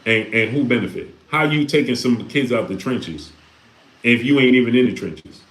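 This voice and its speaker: A man's voice: medium pitch, normal speed, fairly bright tone. A man hosting a livestream, talking casually and preaching with repeated rhetorical questions. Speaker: live stream host reading Super Chats. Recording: echoey room.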